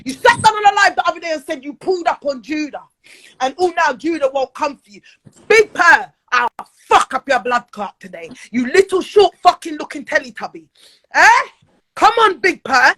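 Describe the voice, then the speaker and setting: A woman pours out a furious, swearing livestream rant in a very high, bright, sharp voice. She talks loudly and a little fast, shouts often and sounds close to tears. The recording is dry and close, with no room echo.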